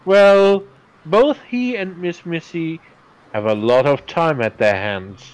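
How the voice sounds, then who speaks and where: A man's voice: a little high, takes it slowly, poor audio. A man playing a tabletop game, rambling and joking in casual chat. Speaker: player.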